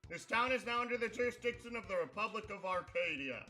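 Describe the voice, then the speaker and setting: A man's voice: high-pitched, animated, quick pace, pushed and bright, faint music behind. A man voicing an army commander demanding surrender, in a formal, declaiming manner. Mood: stern. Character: commanding army officer giving an ultimatum.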